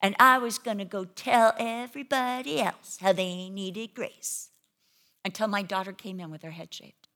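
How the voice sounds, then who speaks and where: A middle-aged woman, a pastor's wife, preaching a sermon and telling a personal story with animated energy. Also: medium pitch, normal speed. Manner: animated storytelling, acts out her own panicked voice.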